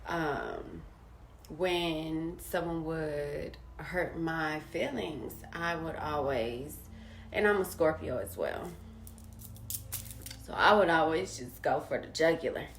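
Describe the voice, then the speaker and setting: Slow-talking woman in an echoey room. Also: low-pitched, sing-song, vocal fry. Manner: candid and slangy, drops to near whispers and rises to laughing emphasis. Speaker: vlogger sharing a personal story. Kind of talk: casual personal storytelling. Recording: roomy with faint background hiss.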